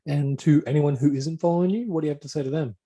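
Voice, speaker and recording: A man hosting a casual interview, easygoing and quick to laugh. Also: on the high side, mellow, husky. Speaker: interview host. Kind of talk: casual chat.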